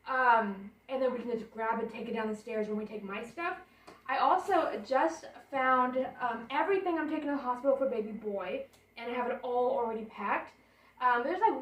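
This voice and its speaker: Chatty young woman in a roomy bedroom. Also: high-pitched. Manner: chatty and rambling, thinks aloud while unpacking. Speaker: vlogger. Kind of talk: casual vlog chat. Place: bedroom of an apartment. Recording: roomy sound, camera a bit far off. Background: portable air conditioner hum.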